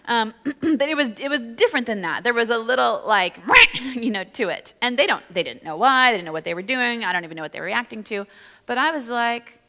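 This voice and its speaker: A woman's voice: a little high, animated, brisk, bright, forceful tone, in a large hall. A woman pastor teaching in a casual, chatty way, full of "like" and "you know". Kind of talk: conversational church teaching. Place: church sanctuary.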